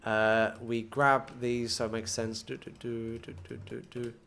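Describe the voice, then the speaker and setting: A man's voice: medium pitch, level tone, a little slow, creaky, a bit bright. A young man commenting casually on his own gameplay, muttering to himself and breaking into frustrated outbursts. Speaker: gaming streamer.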